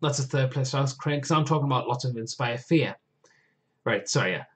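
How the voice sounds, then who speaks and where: A man's voice: mid-range voice, a little fast. A man hosting a live stream, talking casually in a rambling, digressive way, often losing his thread and correcting himself while eagerly listing wishes. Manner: enthusiastic, lively wish-list talk.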